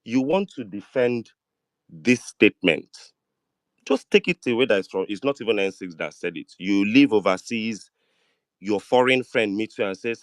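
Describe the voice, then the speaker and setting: A man with a Nigerian accent and a mid-range voice pushes his question again and again. His pitch rises and falls a lot as he argues. The sound is dry and close. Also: animated, moderate pace, no room sound. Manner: insistent, keeps pressing a question. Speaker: debate participant. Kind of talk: heated online debate.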